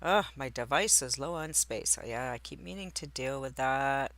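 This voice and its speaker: A woman with a bright, forceful voice chats on a live stream from home. She rambles and cuts herself off mid-thought as she fiddles with her setup, talking half to viewers and half to herself. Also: rumbling low, animated, normal speed, dry recording. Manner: rambling, self-interrupting, talking to herself while setting up. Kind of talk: casual live-stream chat. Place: indoors at home by a window.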